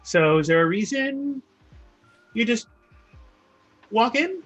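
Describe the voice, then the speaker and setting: A man voicing a wary, testy female blacksmith who holds a grudge and talks in halting bursts. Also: extremely high pitch, very animated, a bit bright, highs cut off, soft background music, voice pushed up, full character voice. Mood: suspicious. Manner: hesitant, halting delivery.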